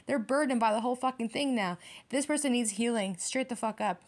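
A woman giving a tarot reading straight to her viewers, blunt and heavily profane, getting heated and repeating herself. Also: a little high. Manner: fast, repetitive, direct address to viewers. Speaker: tarot reader.

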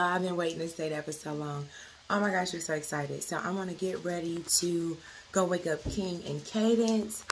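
A woman's voice: fairly low pitch, slight background noise. A young woman, a mother, chatting casually to her camera in a family vlog and often saying "you guys" and "y'all". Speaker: vlogger, working mom of three.

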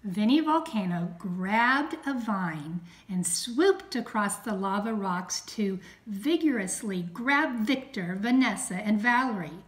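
A woman teacher reading a storybook aloud to young children, stressing sounds slowly and clearly. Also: on the high side, a bit bright, reverberant, low-quality recording.

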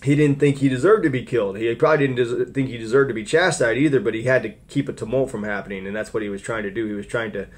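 A man explaining scripture in a loose, conversational way. He circles back often and restarts his sentences. His pitch sits in an ordinary middle range. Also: fast, hardly any pauses. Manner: rambling, with frequent restarts and fillers. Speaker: Bible teacher. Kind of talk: informal scripture commentary.

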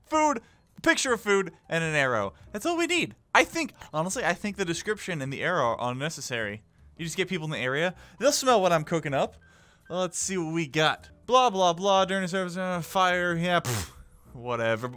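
A man's voice: high-pitched, pushed and bright, no echo. A man giving playful, joking commentary while playing a cooking game. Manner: playful, joking, talks to the screen. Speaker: gaming YouTuber. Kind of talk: let's play commentary.

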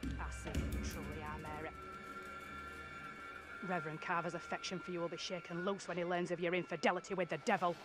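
A man's voice: fairly high pitch, little pitch movement, a little fast, lightly acted. A man playing a harsh puritan accuser. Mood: accusing. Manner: clipped archaic speech. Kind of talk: video game voice acting. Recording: game music behind.

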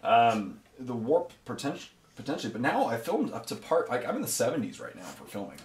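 A man's voice: medium pitch, big pitch swings, fairly quick, roomy sound. A man hosting a miniature painting video, talking casually while he paints and rambling with many fillers and self-corrections.

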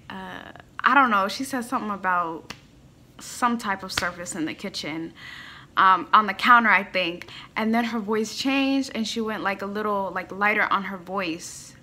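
A young woman hosting a music reaction, gushing and exclamatory, swinging between loud squeals and quiet musing. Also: medium pitch. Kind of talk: excited reaction commentary.

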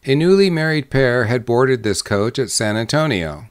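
A man reading a short story aloud as an audiobook narrator, with measured pacing that slows on descriptive lists. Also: mid-range voice, expressive, clean tone. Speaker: audiobook reader. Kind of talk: scripted narration.

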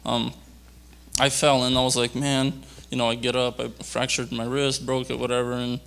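A young man giving a rambling personal testimony at a church youth conference, halting and full of fillers and restarts. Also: mid-range voice, completely flat delivery, vocal fry, a bit bright. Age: young adult.

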